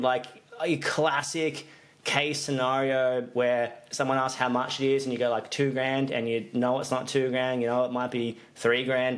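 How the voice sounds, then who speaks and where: A man co-hosting a business podcast in casual chat, rambling with restarts and fillers. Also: medium pitch. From Australia. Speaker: podcast co-host, business coach.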